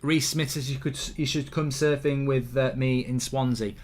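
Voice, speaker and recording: A man hosting a live football watchalong, bluntly reacting to the match and reading viewer comments aloud, his voice jumping up when play excites him. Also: medium pitch, normal speed. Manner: blunt, swears casually, rants at the referee. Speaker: host.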